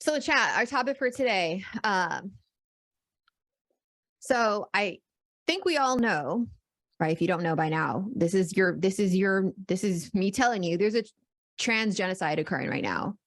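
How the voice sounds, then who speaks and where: Animated woman talking to chat. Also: mid-range voice, a little slow. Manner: animated, repeats words while building up. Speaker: podcast co-host. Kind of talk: casual chat with stream chat.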